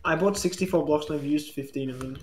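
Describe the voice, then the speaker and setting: A man's voice: on the high side, fast talker. Teasing young-sounding man, hissy mic. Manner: teasing, laughs often. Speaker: gamer. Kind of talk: casual gaming chat.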